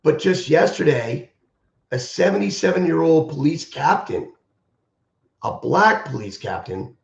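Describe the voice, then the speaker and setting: A man's voice: a little high, vocal fry. Man martial arts instructor on a live stream, impassioned and emphatic, roomy dull audio. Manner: impassioned and emphatic, repeating key phrases.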